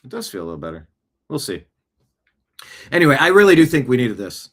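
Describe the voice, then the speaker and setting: A man's voice: mid-range voice, sing-song, fairly quick, fairly bright tone, husky. Male host, casual rambling political commentary, talks off the cuff with asides. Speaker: show host. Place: home studio, seated.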